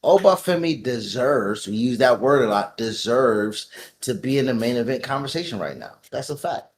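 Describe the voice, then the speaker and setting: A man's voice: mid-range voice, animated, moderate pace, slight background noise. A man co-hosting a podcast in casual chat, emphatic and hyped, repeating his catchphrases. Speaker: podcast co-host.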